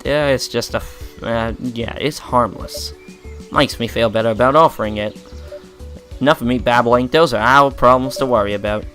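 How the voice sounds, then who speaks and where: A man's voice: mid-range voice, moderate pace, a bit bright, faint music behind, natural voice. A man voicing a friendly middle-aged male shopkeeper and father in a put-on Australian accent, chatty and folksy.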